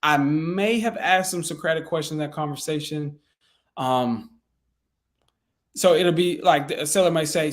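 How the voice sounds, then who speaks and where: A man's voice: a little high, unhurried, pauses often. A man coaching real estate sales in a loose, conversational way with frequent fillers and restarts. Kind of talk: casual teaching talk.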